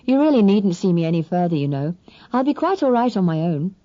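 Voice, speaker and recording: A woman voicing a spirited young woman who speaks in a brisk, coaxing and firm way. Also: on the low side, sing-song, no room sound, highs cut off. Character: spirited young Englishwoman, kind but firm.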